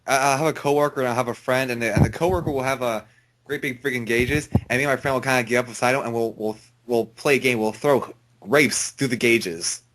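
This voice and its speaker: A man's voice: medium pitch, brisk, fairly bright tone, a little hiss or hum, low-quality recording. Jokey man telling stories. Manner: jokey, tells stories, laughs at his own jokes. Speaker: podcast co-host. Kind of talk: casual chat.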